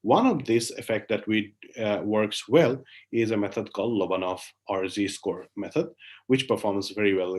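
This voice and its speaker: A man with an Indian English accent giving an academic lecture online, explaining step by step and often checking in with "right?" between filler pauses. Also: lowish voice.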